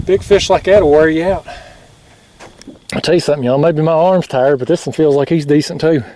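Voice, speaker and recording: A man talks in a slightly high voice as he films himself fishing from a kayak at night, excited, chatty and quick to laugh. He sounds out of breath, and faint water noise sits behind him on the camera mic. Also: far from the mic. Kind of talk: casual vlog narration.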